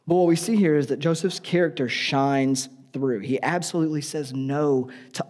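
A man's voice: a little high, moderate pace, darkish tone. A man preaching a sermon in a conversational, joking way, often asking the audience questions.

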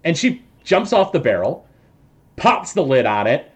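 A man's voice: medium pitch, very animated, unhurried, slightly rough. A man narrating as game master of a tabletop game, hesitant with many fillers and jokes.

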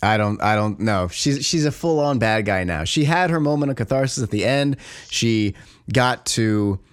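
A man co-hosting a podcast, talking in an animated, exasperated way and filling his speech with "like". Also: on the low side, moderate pace, smooth. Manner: animated, exasperated critique with frequent "like". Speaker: podcast co-host. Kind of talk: casual chat.

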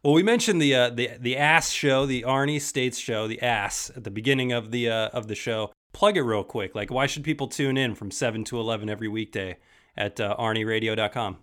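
Relaxed podcast host, man. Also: mid-range voice, brisk. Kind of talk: casual podcast chat.

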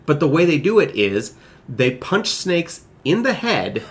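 A man's voice: a little high, very animated, measured pace. A man co-hosting a podcast, rambling through a point with playful tangents in casual chat. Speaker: podcast co-host.

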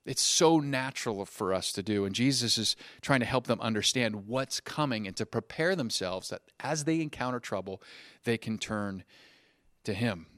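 A male pastor preaching a sermon in a church, telling stories with lively acted-out dialogue. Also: fairly low pitch, normal speed, no echo, studio quality. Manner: animated storyteller who acts out dialogue.

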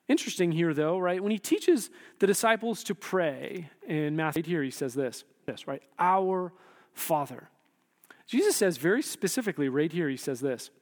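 High-voiced pastor preaching in a reverberant hall. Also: male voice, moderate pace. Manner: conversational, animated, voices quotes with sudden shifts in loudness. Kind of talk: sermon.

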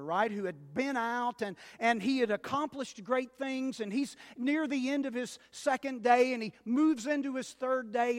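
A male pastor preaching a sermon, telling a story dramatically with big swings between loud and hushed. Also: high-pitched. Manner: addresses listeners as "dear ones". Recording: long reverb of a large hall.

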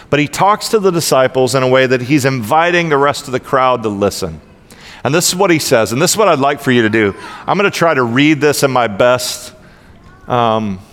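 A man's voice: medium pitch, a bit bright. A man preaching a sermon as pastor, casual and joking, talking to his church. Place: church sanctuary. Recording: long hall reverb.

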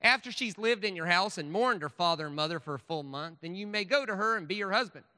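A man's voice: sits high, animated, fast, pushed and bright, in a large hall, heavily acted. A man voicing a fiery, sarcastic Southern preacher with a Southern accent and a brash preaching cadence. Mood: mock preaching.

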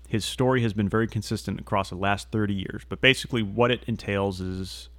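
Laid-back low-voiced man, dry sound. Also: a bit bright, no room sound. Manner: laid-back, swears, says "dude" a lot. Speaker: podcast co-host. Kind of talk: casual chat.

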